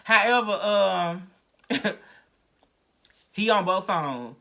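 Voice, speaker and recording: A woman's voice: mid-range voice, expressive, extremely slow, vocal fry, pushed and bright, a little hiss or hum. A woman hosting her podcast, talking frankly and rambling through her own story with many restarts, without a proper podcast mic. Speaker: podcast host. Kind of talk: candid personal recovery story.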